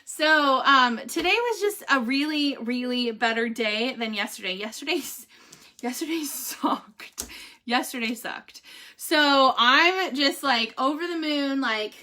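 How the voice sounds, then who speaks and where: A woman's voice: high voice, slow pace. A middle-aged woman, chatting animatedly in a casual vlog and laughing often. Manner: animated, laughs often, says "holy cow" and "y'all". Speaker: vlogger giving a family update and product review.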